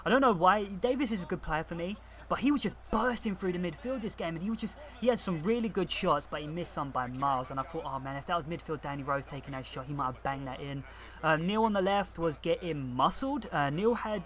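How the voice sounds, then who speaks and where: A young man recapping a football video game match, excitable and swearing freely. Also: on the high side, slight background noise. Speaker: gaming YouTuber. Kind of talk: game commentary voice-over.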